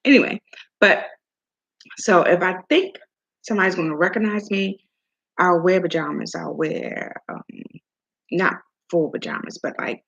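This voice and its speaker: A woman's voice: fairly low pitch, expressive, a little slow, vocal fry, pauses often, fairly bright tone. A middle-aged woman from Maryland hosting a casual chat, telling chatty stories and acting out the dialogue. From Maryland, USA. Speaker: host. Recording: dull lo-fi sound.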